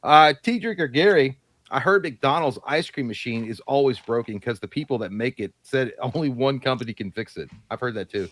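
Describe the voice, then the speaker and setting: A man's voice: mid-range voice, a little fast, fairly bright tone, dry recording. A man co-hosting a live movie stream, reading out viewer messages and bantering with crude jokes. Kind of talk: casual live-stream chat.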